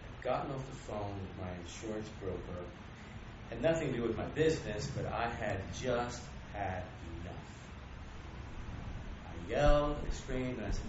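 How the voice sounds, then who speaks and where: A man's voice: on the low side, animated, moderate pace. A man from the audience telling an earnest personal testimony. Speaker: audience member giving a testimony. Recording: distant, very echoey, muffled, noisy.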